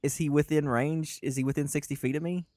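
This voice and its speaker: A man's voice: a little high, steady tone, a little fast, a little mellow, no room sound, studio quality. A man playing a tabletop game, declaring his moves in a casual, exasperated and laughing way. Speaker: player.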